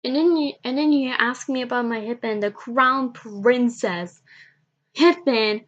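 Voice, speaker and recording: A woman vlogging, telling a personal story in a halting, repetitive way and often restarting her sentences. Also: fairly high pitch, a bit bright, lo-fi sound.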